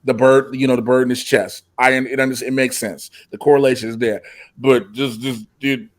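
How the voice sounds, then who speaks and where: Guy co-hosting a show review, lively and slangy, mid-pitched voice, laughs a lot. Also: moderate pace. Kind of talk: casual review chat.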